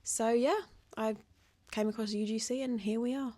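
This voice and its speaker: A woman's voice: fairly high pitch, fairly even intonation, moderate pace, darkish tone. A young woman co-hosting a podcast in casual chat, easygoing with a dry, teasing humour. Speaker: podcast co-host.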